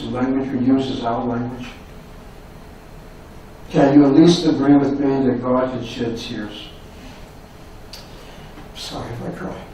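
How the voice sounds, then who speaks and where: A professor's medium-pitched, warm voice fills a university lecture hall as he gives a dramatic public lecture, asking rhetorical question after rhetorical question with impassioned delivery and near-whispers at the emotional peaks. The echoey hall is recorded from a distance, with a slight hiss or hum.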